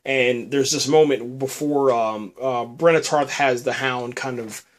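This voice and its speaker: A man's voice: medium pitch, measured pace. Rambling casual man recapping a show. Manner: rambling, filler-heavy, repeats words, says "man" often. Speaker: podcast host reviewing a TV episode. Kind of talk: casual spoken review.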